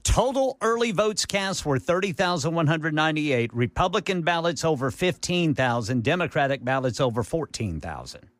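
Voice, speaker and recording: A man's voice: fairly high pitch, lively intonation, moderate pace, hardly any pauses, dry recording. A man co-hosting a radio show, laid-back and dry in casual banter. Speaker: radio co-host. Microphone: studio mic.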